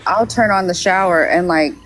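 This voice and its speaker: A woman's voice: on the low side, moderate pace, a bit bright, faint music behind. A young woman talking casually on a podcast, hesitant, with many fillers and restarts. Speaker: podcast guest. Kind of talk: casual conversation.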